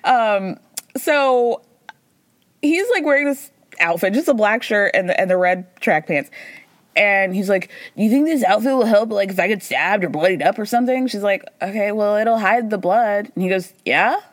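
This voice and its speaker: A woman talks through a reality TV recap in a loose, sarcastic, chatty way, dropping quick asides and mimicking the people she quotes. Her voice sits in a mid range and is recorded close and dry, with no room sound. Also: medium pitch, lively intonation, no echo. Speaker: podcast host. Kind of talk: casual recap commentary.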